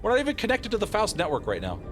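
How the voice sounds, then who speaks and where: Man streaming a game, lively swooping voice, laughs a lot, exclaims, faint music underneath. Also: sits high. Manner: playful, quick to laugh, exclaiming. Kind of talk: live game commentary.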